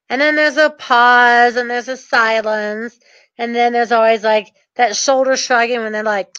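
A woman tells a story casually and keeps breaking into laughter, with a mischievous, animated delivery. Her voice sits high and bright. The recording is dry and a little dull. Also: moderate pace, no room sound. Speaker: real estate dealmaker.

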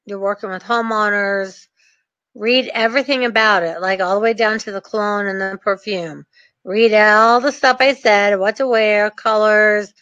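A woman's voice: mid-range voice, fairly bright tone, no room sound. A woman coaching real estate investors in a chatty, ranting way with sarcastic asides. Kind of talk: energetic coaching talk. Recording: dull, dry lo-fi recording.

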